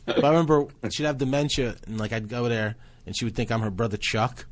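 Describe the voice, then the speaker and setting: A man's voice: medium pitch, fast. A man hosting a podcast, telling rambling, profane stories in casual chat. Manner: rambling storyteller, swears, laughs a lot. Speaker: podcast host.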